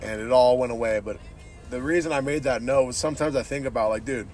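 Male podcast host, mid-pitched, casual rant, heavy swearing, opinionated and blunt. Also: fast talker, darkish tone, faint music behind. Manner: profane, says "dude" constantly.

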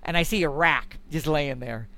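A middle-aged man telling a story in conversation, animated and folksy, acting out quoted dialogue. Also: a little high, normal speed. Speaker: guest elk hunter.

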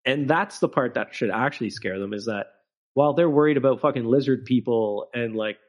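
A man's voice: medium pitch, fairly quick, muffled recording. A man co-hosting a podcast, ranting with emphatic, profane opinions and frequent filler words. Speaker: podcast co-host. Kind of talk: casual podcast chat.

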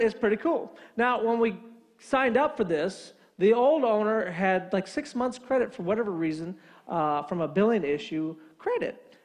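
A man preaching a sermon, telling a funny story and acting out both sides of a phone call. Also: sits high. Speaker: pastor.

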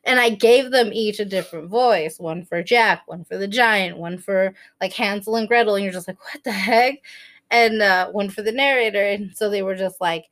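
A young woman co-hosting a casual podcast, telling animated stories and laughing often. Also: mid-range voice, normal speed, few pauses. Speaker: podcast co-host. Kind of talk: casual chat.

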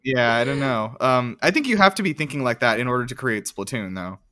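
A man's voice: medium pitch, expressive, fairly quick, sharp tone, dry recording, clean studio sound. A man co-hosting a casual podcast chat, rambling with lots of fillers and casual swearing. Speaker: podcast co-host.

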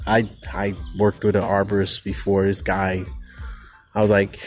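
A man's voice: on the low side, moderate pace, soft background music. A man hosting a podcast, recording a casual, preachy monologue outdoors on a campus. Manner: preachy, animated, talks to listeners as people. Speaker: podcast host. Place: outdoors on a campus among trees and birds.

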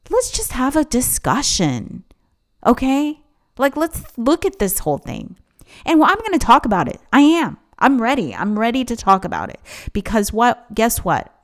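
Animated woman with a lively voice. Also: fairly high pitch. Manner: emphatic, animated, acts out quoted voices. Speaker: podcast host. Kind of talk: casual solo podcast monologue.

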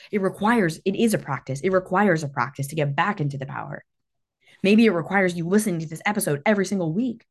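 A woman in her thirties hosting a motivational podcast, talking intensely with emphatic repetition and frequent swearing. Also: on the low side. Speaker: podcast host. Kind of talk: motivational monologue.

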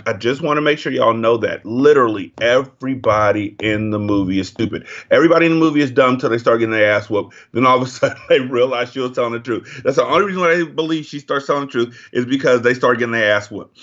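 A man's voice: medium pitch, lively intonation, fast, fairly bright tone, muffled recording. A man in a casual movie review chat, talking in a heated, profane rant.

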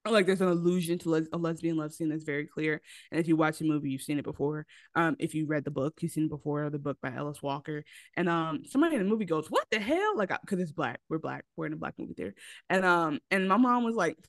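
A woman's voice: low-pitched, quick pace, no room sound. A woman co-hosting a podcast in casual chat, telling movie plots with lots of acted quotes. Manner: animated storytelling with acted quotes. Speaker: podcast co-host.

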